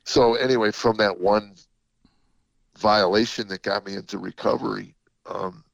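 An older man, a comedian guest, telling stories in a reflective, halting way with many fillers, on a dull lo-fi recording. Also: lowish voice, fairly even intonation, vocal fry, no room sound. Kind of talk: casual interview storytelling.

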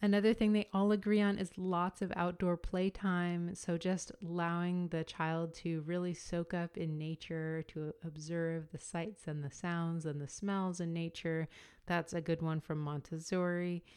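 Low, smooth-voiced woman podcast host. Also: unhurried. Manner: explanatory, compares ideas calmly with frequent fillers. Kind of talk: solo podcast monologue.

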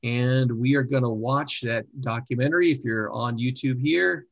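A middle-aged man hosts an online talk over a video call. He speaks haltingly, filling pauses with many uhs, in a dry, close sound. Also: medium pitch, vocal fry, no echo, lo-fi sound. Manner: hesitant, many fillers. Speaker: host. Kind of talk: online discussion show.

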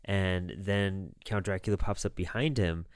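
A low-voiced man talking in a relaxed, rambling way, dropping the odd curse. The sound is dry and close, with no room around it. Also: unhurried, clean tone, no echo. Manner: laid-back, rambling, swears casually. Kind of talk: casual chat about horror films.

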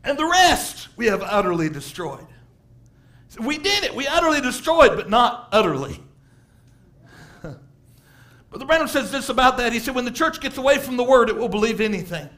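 High-voiced man preaching a sermon. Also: normal speed, pauses often. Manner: animated preaching with laughs and acted-out quotes. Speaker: pastor.

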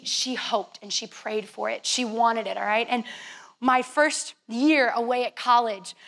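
A young woman youth leader telling a lively, chatty story to a youth group, playful and teasing. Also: sits high.

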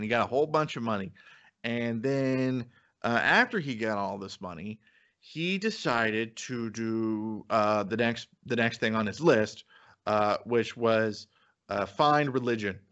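A man's voice: on the low side, fairly bright tone, dull audio. A man hosting a podcast, talking casually with lots of fillers and easy laughs. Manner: chatty, loose, laughs often, many fillers. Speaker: podcast host.

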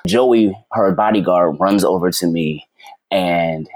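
A man telling a story as a podcast guest, animated, rambling and acting out quoted dialogue. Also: sits low, dry recording. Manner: fast, rambling with many "like"s. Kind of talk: casual storytelling chat.

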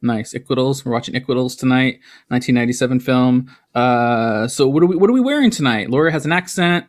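A man's voice: medium pitch, quick pace. A man hosting a podcast in casual chat, laughing often and repeating his phrases. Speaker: podcast host.

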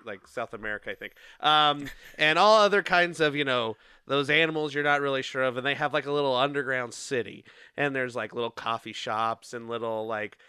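Bright, crisp-voiced man rambling playfully. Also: mid-range voice, fairly quick, hardly any pauses, no echo. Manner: rambling and playful, laughs often, many fillers. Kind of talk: casual chat, rambling plot retelling.

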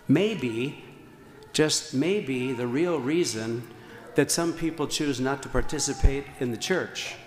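A man's voice: mid-range voice, slow pace. A man, a priest, preaching a sermon with earnest emphasis and repeated phrases, now and then stumbling over fillers. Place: large church. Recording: echoey church hall, faint ambience.

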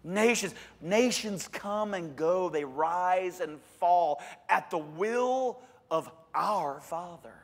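A man preaching a sermon as a pastor, animated, with joking asides and sudden loud emphasis. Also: sits high, slow, in a large hall.

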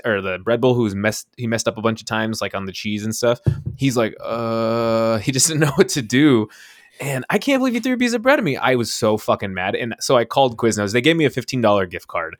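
A man's voice: mid-range voice, a little fast, no room sound, studio quality. A young adult man co-hosting a podcast, telling an anecdote in casual chat, swearing freely and acting out the quoted lines. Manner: animated storyteller, swears freely, acts out quotes. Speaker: podcast co-host.

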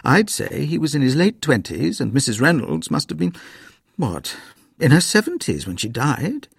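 Bloke voicing a young mum, earnest and a bit nervous, lifted voice with a creaky edge. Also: male voice, fairly high pitch, huge pitch swings, normal speed, no room sound, studio quality, pitched above the performer's own voice, heavily acted. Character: anxious practical young mother. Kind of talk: storybook reading.

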